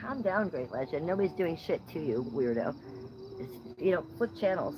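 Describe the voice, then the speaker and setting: A woman's voice: low voice, very animated, normal speed, lo-fi sound, background noise. A woman from Ohio hosting a casual livestream, reading chat comments outdoors at night, blunt and playfully profane. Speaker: livestream host.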